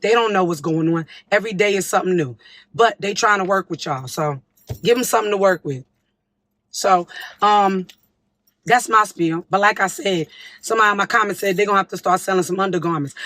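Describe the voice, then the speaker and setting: Casting: woman, mid-pitched, blunt and slangy, dry close sound. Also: a little fast, a bit bright, no room sound. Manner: slangy, direct advice to viewers. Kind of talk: casual social media talk.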